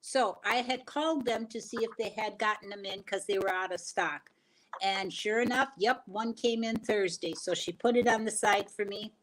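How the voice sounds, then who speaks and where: A woman's voice: mid-range voice, moderate pace, fairly bright tone, a little hiss or hum, rough recording. An older woman, a regular guest co-host on a casual livestream, talks in a folksy, rambling storytelling way.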